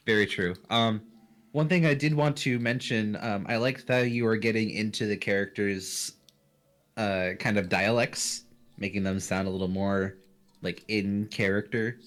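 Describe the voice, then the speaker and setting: A man's voice: lowish voice, a little slow, faint music behind. Laughing, swearing man at the game table. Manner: animated, swears casually, laughs. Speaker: player. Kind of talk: casual chat.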